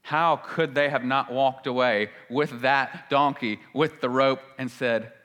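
Guy preaching in a big echoey church, punchy then quiet, repeats stuff for emphasis. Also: mid-range voice, steady tone, a little slow. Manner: emphatic, swings between loud and hushed, repeats for stress. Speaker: pastor. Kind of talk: sermon. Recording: long reverb of a large hall.

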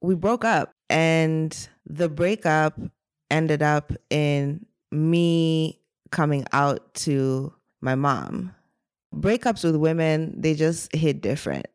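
A woman telling a personal story in a casual, animated, dramatic way, with many "like" fillers. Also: sits low, slow, clean tone, no echo, clean studio sound. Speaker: guest storyteller.

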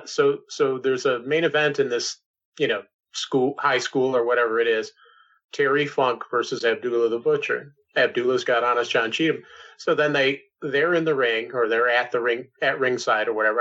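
A man's voice: medium pitch, steady tone, normal speed, fairly bright tone. A man telling a loose, meandering anecdote in casual chat, with plenty of fillers and restarts. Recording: slightly dull sound.

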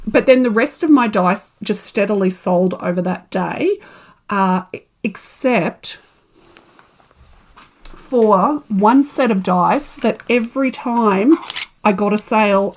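A woman telling an animated story about her shop launch in a casual chat, laughing and acting out her own reactions. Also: medium pitch, slow pace. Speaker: guest, small shop owner.

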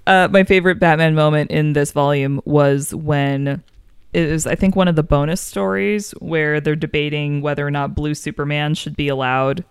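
A woman co-hosting a podcast, chatting casually and enthusiastically, quick to laugh. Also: sits low, steady tone, smooth, dry recording, studio quality. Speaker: podcast co-host. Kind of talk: casual chat.

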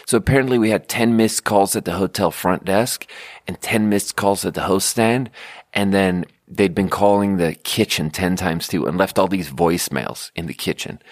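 Man, 30s, comedic podcast host, rambling and sarcastic, slightly low voice. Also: dry recording, clean studio sound. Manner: rambling, sarcastic, self-interrupting. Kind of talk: rambling comedic storytelling monologue.

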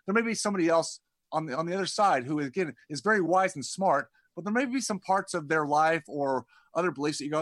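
Fast and lively in intonation, a podcast guest who works as a dentist and founded a community rambles through a conversational interview, often repeating words as his sentences begin. His voice is on the high side and fairly bright, and the recording is dry.

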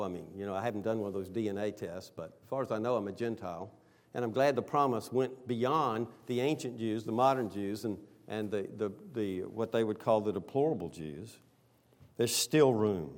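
A middle-aged man, a pastor, preaching a sermon with animated delivery, swinging from loud exclamations to soft, earnest appeals. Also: medium pitch.

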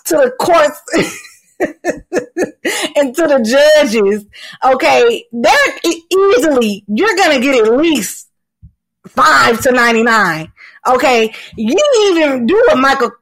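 Woman podcast co-host, fairly high voice, emphatic and indignant, laughs her way through her points. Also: rough recording. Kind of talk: casual podcast chat.

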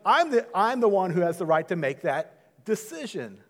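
A man preaching a sermon in a conversational way, dropping to a hush and then rising loud. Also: high voice, big pitch swings, moderate pace. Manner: conversational, swings from hushed to loud. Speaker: pastor. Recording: long hall reverb.

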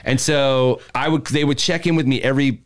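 A man casually telling a story, animated, acting out the voices of the people in it. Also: mid-range voice, brisk. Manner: animated, acts out quotes, laughs while telling. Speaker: podcast guest telling a story.

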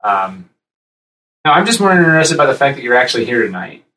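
Male podcast co-host, chatty and rambling, slightly off-mic, middle pitch. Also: brisk, reverberant, recorded from a distance, poor audio. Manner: rambling, animated, jumps into high-pitched impressions. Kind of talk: casual chat.

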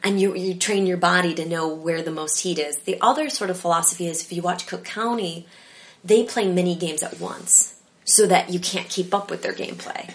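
A woman talking casually as an interview guest about improv, animated and rambling with lots of fillers. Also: on the low side, normal speed.

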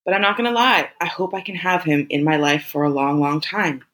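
A woman's voice: lowish voice, fairly quick, fairly bright tone, close to an everyday voice, poor audio. A woman voicing an earnest, affectionate woman who speaks candidly and reassuringly in a read-aloud story.

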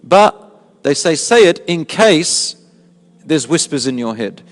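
A man's voice: on the high side, sing-song, slow pace. Man preaching in a reverberant hall. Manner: explains with rhetorical questions and answers. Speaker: Islamic preacher. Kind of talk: sermon.

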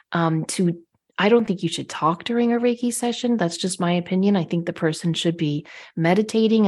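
A woman co-hosting a casual talk show, telling stories in an indignant, animated way. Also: on the low side. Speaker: podcast co-host. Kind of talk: casual chat.

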